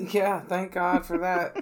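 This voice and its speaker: Low-pitched woman giving frank opinions. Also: flat delivery, takes it slowly. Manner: frank, searching for words. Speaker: podcast co-host. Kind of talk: casual movie discussion.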